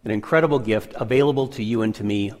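A man's voice: fairly low pitch, quick pace, a little mellow, big-room sound. A man co-presenting a sermon, affirming the preacher and reading scripture aloud.

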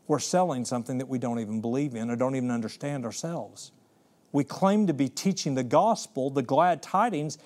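A middle-aged man preaching a sermon, telling stories with big swings in pitch and loudness and slowing down to intone scripture.

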